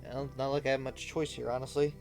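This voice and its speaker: A man's voice: medium pitch, level tone, fast, vocal fry, darkish tone. A man streaming a video game live, chatty and self-deprecating, yawning often as he reads along. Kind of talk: casual live game stream, reading dialogue aloud. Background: faint game music.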